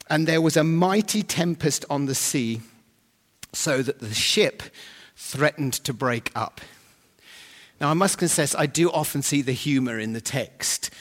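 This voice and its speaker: Guy preaching, jokey and animated, kinda high voice, long echo like a big church. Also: a little slow. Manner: humorous, animated storytelling with sudden loud emphasis. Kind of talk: sermon. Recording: long hall reverb.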